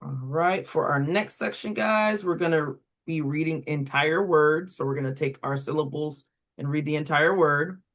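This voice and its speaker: A reading program instructor giving a walkthrough to tutors, deliberately sounding words out syllable by syllable. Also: medium pitch, fairly bright tone.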